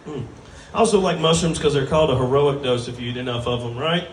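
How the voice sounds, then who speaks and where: Drawling stand-up comic, roomy bar. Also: male voice, medium pitch, normal speed, a little mellow, a little hiss or hum. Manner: drawling, crude, self-mocking. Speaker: stand-up comedian. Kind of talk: stand-up comedy set. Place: bar stage before a live audience. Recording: roomy bar sound from a distant mic.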